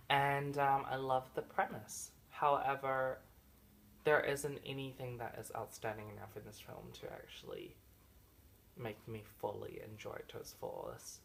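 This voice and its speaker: A man reviewing a film in a casual, chatty way, full of mock complaints aimed straight at the actors. His delivery jumps between loud, excited bursts and low, deflated mutters. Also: creaky, a little hiss or hum. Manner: animated and jokey, with big swings in loudness and pitch. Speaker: movie reviewer. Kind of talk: casual spoken movie review.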